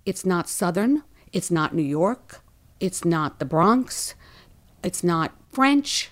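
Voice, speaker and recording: A woman with a New Orleans accent, a dialect coach, talking in a lively, animated way in an interview. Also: on the low side, takes it slowly. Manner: lively, talkative, animated storytelling.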